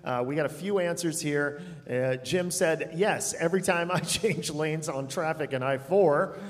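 A man's voice: a little high, measured pace. A male online pastor reading viewers' answers aloud and telling a short story in a casual, good-humored way. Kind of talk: reading live chat answers. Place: church sanctuary. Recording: long hall reverb.

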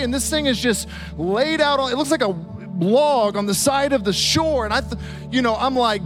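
A man in his thirties, a pastor preaching a sermon from a stage and telling stories in an animated, vivid way. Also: very high voice, normal speed, over music. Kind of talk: storytelling sermon. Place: church stage.

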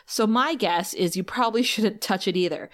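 A woman's voice: medium pitch, moderate pace, fairly bright tone, natural voice. A woman doing a quippy young heroine.

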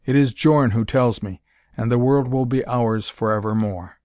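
Soft-spoken alien woman voiced by a male narrator, gentle, audiobook, dry. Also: mid-range voice, moderate pace, dry recording, lightly acted. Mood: calm. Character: alien princess of Venus, young woman, gentle.

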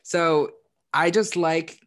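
A man chatting casually as a podcast co-host, laughing as he retells scenes in quick quoted voices. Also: on the high side, fairly bright tone. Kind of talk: casual chat.

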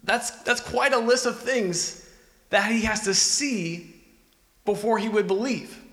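A man's voice: high-pitched, measured pace, fairly bright tone. A man preaching a sermon in an earnest, conversational way, asking the listeners questions. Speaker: pastor. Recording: echoey hall with long reverb.

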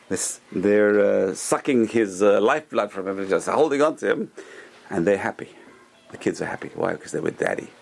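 A man giving a Torah class, animated and repeating phrases for emphasis. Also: on the low side, gravelly. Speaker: rabbi teaching a class.

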